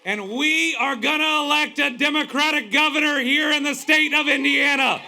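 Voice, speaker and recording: A man's voice: very high-pitched, moderate pace, creaky, crowd noise, noisy background. A man from Kentucky, a visiting governor, giving an emphatic rally speech outdoors, pounding out a list of proud declarations. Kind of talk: rousing political rally speech.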